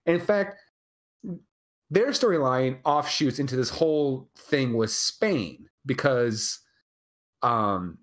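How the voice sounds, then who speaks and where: Co-host voice, loose and rambling, very lively pitch, salty language, remote call mic. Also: slow. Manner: rambling and animated, swears freely. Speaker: podcast co-host. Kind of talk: casual live chat.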